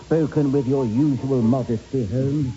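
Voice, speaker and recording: An actor playing a bumbling, genial Victorian doctor sidekick in a comic radio play. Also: male voice, medium pitch, a little slow, dark tone, soft background music, lightly acted. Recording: dull lo-fi recording.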